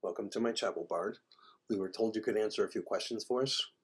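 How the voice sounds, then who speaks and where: A man doing a hushed, solemn priest. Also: on the low side, fairly quick, slightly rough. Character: solemn male village priest in mourning.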